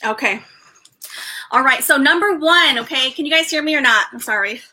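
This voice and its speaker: A young woman hosting a casual live stream, excited and rambling, stumbling over restarts and fillers as she chats with viewers. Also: high-pitched, moderate pace. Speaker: livestream host.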